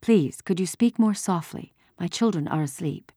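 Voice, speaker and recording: Woman reading as a soft, polite mother. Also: on the low side, animated, moderate pace, husky, no echo, clean studio sound, pitched above the performer's own voice. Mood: pleading. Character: quiet, polite, protective mother.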